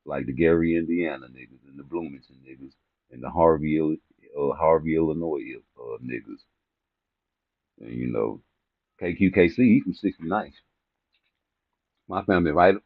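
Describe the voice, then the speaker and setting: Low-voiced man on a tinny phone recording. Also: no room sound. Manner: rambling, profane, teasing, laughs at own jokes. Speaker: boxing commentary vlogger. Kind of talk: casual comedic rant to camera. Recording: tinny phone-like dry sound.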